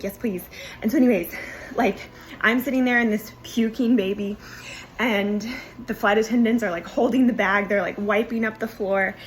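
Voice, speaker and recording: A young woman, a mother, telling a long personal story in a chatty, animated way, full of "like" and "anyways". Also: fairly high pitch, slight background noise, poor audio. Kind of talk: casual storytelling.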